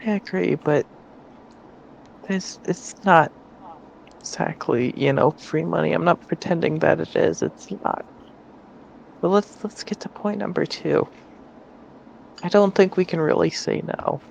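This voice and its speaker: A man's voice: fairly high pitch, a little slow, gravelly, long pauses, muffled recording, slight background noise. A man voicing a wary, wry male adventurer who speaks hesitantly and repeats his words.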